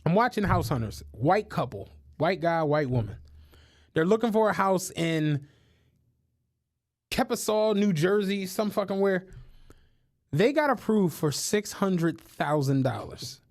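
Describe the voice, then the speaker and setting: A man co-hosting a podcast, telling stories in casual chat, animated and full of swearing and laughter. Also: high voice, measured pace. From United States. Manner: animated storytelling, swears a lot, laughs often. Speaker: podcast co-host.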